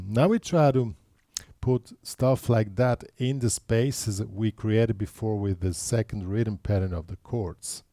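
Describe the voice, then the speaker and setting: A man's voice: lowish voice, slow, warm tone, no echo, clean studio sound. A man teaching a guitar lesson, explaining patiently step by step and counting beats aloud.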